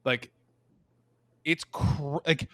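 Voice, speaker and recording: A man co-hosting a comedy podcast, telling rambling, animated stories full of swearing and quoted voices. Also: fairly high pitch, drawn-out words, no room sound. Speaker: podcast co-host. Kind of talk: casual comedic chat.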